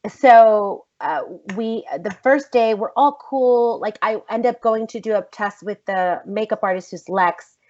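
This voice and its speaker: American actress telling her story on a podcast, loud and blunt, kinda dull lo-fi sound. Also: medium pitch, unhurried. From United States. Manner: animated, emphatic, blunt, swears freely. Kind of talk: casual storytelling interview. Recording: slightly dull lo-fi podcast audio.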